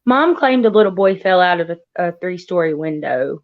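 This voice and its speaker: A woman joining a livestream as guest co-host, talking in an excitable, rambling way with many restarts. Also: on the low side, normal speed, phone-quality sound. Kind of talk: casual livestream chat.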